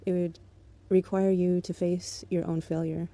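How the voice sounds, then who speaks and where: A woman's voice: lowish voice, little pitch movement, measured pace, mellow. A woman in an angry, profane monologue aimed at an ex-partner, bitter and contemptuous but controlled. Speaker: vlogger.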